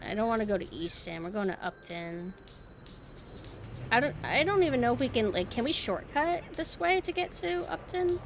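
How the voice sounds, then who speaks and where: A woman streamer giving casual gameplay commentary, chatting to her viewers and jumping to high squeals when flustered. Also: animated, moderate pace, background noise.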